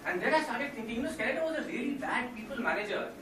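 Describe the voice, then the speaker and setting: Animated male stand-up comedian, echoey room. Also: very high voice, rapid-fire. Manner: animated, jumps into loud impressions. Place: comedy venue with live audience. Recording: echoey room from far off with noise.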